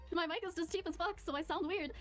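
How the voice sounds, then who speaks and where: A woman's voice: very high voice, fairly quick, soft background music. A woman streamer chatting on a stream, rambling with lots of fillers and frequent laughs. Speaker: streamer guest. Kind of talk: casual stream chat.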